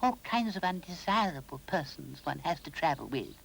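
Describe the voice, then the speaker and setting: A prim, fussy female toy doll with a high, sniffy voice, put on by a man reading a storybook. She complains with an air of offended dignity. Her pitch sits far above a man's own. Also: lively intonation, moderate pace, vocal fry, fairly bright tone, a little hiss or hum.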